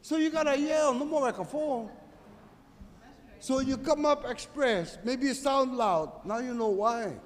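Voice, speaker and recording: A middle-aged man from Hawaii's Big Island with a Hawaiian Pidgin accent, giving an impassioned activist talk at a conference, swinging from loud to quiet. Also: very high voice, measured pace, big-room sound.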